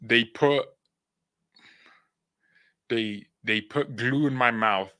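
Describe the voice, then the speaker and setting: Bright-voiced young man chatting with viewers. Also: medium pitch, very slow. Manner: rambling, repeats words and restarts, laughs at himself. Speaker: fan channel host. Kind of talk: casual chat with viewers.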